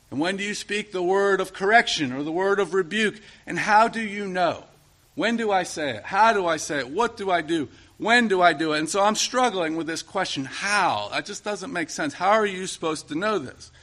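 A man's voice: high-pitched, pushed and bright. A middle-aged man preaching a sermon in a conversational way, asking the listeners question after question.

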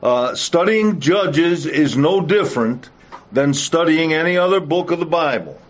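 A man's voice: a little high, lively intonation, measured pace. A man teaching a Bible study lesson and leading prayer, speaking in an earnest, emphatic way with occasional "uh" fillers. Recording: dull lo-fi recording.

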